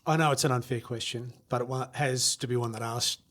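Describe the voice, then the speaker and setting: A man's voice: medium pitch, steady tone, fairly quick, a bit bright. A man hosting a podcast, putting conversational questions to his guest. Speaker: podcast host. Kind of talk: interview questions.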